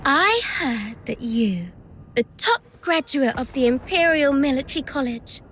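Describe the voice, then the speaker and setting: A woman's voice: high voice, expressive, measured pace, a bit bright, a little hiss or hum. An actress voicing a mocking, treacherous young woman in a video game, taunting with theatrical sarcasm. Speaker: game character.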